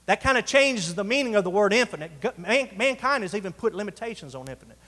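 A man's voice: high voice, animated, pushed and bright. A man preaching a sermon to his congregation, calling for responses and stretching out key words for emphasis. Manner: preaching with call-outs to the congregation, drawn-out emphasis. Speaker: pastor. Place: church sanctuary. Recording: reverberant church hall.

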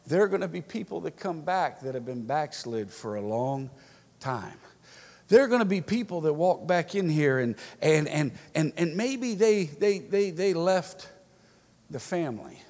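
A male pastor preaching in church, folksy and fond of repeating himself, building into fervent calls to his congregation. His voice sits fairly high. A long reverb rings around him. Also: lively intonation, unhurried, a little mellow. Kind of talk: sermon.

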